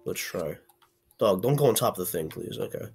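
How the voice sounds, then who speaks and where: A man's voice: deep voice, animated, fairly quick, gravelly, a little mellow, husky. A young man giving casual gameplay commentary, chatty and playfully trash-talking, now and then yelping in frustration. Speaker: gaming channel host.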